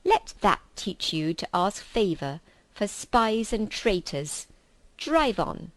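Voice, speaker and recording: A haughty witch queen, as a woman puts her on, barking out orders with cold contempt. Her voice rises higher and louder than the reader's own and carries a sharp, commanding edge. It sounds close and dry, with no room around it. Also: sing-song, slow pace, no room sound. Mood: contemptuous.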